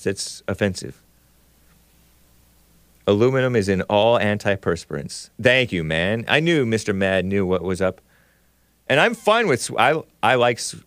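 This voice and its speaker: Male call-in host, animated pitch, dry close sound, jokey and teasing. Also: no echo. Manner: laughing often, joking, teasing. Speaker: radio show host. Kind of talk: casual call-in talk.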